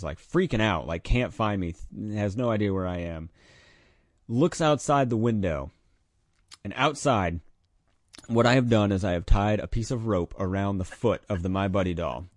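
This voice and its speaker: Lively storytelling man with a low voice. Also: moderate pace, no echo, studio quality. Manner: animated storyteller, acts out his younger self in loud high bursts. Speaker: podcast co-host telling a childhood story. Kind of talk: casual chat.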